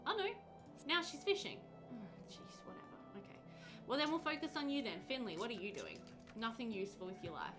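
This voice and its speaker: Chatty woman streamer, higher voice. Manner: chatty, reads chat aloud and reacts with bright exclamations. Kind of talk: live gameplay stream commentary. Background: game music.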